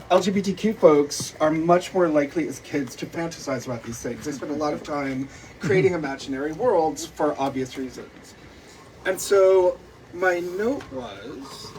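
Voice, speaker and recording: A man interviewing an author at a bookstore event, asking prepared questions with many "um"s. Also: fairly high pitch. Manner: hesitant, many "um" and "uh", reads notes aloud. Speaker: interviewer, comic book artist. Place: bookstore event before an audience. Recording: distant mic with faint noise.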